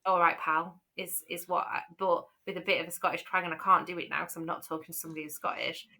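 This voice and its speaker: Bright-voiced woman with a light Yorkshire accent. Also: lowish voice, steady tone, fast talker. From Yorkshire, England. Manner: chatty, rambling with fillers and restarts. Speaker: podcast co-host. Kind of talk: casual chat.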